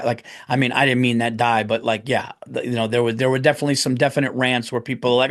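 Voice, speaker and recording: Guy hosting his podcast solo, middle pitch, rambles and swears a lot, gets loud on rants. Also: fairly even intonation, fairly quick. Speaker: podcast host. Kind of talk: casual solo podcast monologue.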